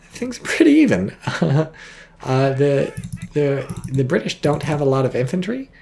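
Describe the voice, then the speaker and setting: A man casting a strategy game replay in casual commentary, excitable, swearing freely and exclaiming often. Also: a little high, measured pace, vocal fry.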